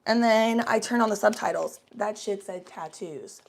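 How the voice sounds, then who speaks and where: A woman's voice: medium pitch, moderate pace, vocal fry, very noisy. A young woman from the United States, hosting a casual livestream and chatting loosely and playfully with viewers, with lots of fillers. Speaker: livestream host. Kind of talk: casual livestream chat, reading viewer comments aloud.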